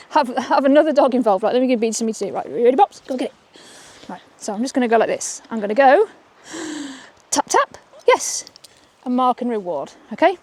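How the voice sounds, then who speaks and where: Upbeat female dog trainer, slightly high voice, filmed outdoors on a walk. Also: lively intonation, quick pace, darkish tone. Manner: chatty, upbeat, keeps asking "okay?". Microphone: camera she holds while walking.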